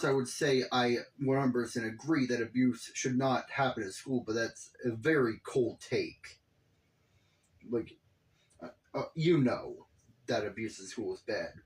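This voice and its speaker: A man giving casual, profane reaction commentary on a video, exasperated and rambling. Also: mid-range voice.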